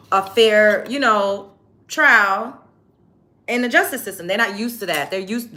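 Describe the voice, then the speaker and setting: A woman's voice: mid-range voice, sharp tone. A young woman hosting a livestream, reading chat comments aloud and answering commenters in a blunt, profane, combative way. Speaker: livestream host.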